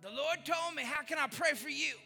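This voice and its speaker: Preacher's impression of an old Cajun man, raspy, high, yelling, fervent; reverberant hall. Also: brisk, full character voice. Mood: urgent. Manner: loud, yelling, fervent praise. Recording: long hall reverb, faint music.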